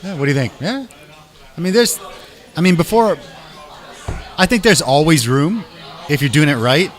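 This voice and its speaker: A man talking as a guest in a casual chat, a lively storyteller who acts out dialogue and drops in "man" and "dude". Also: fairly high pitch, moderate pace, some chatter behind. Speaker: guest musician and restaurant owner.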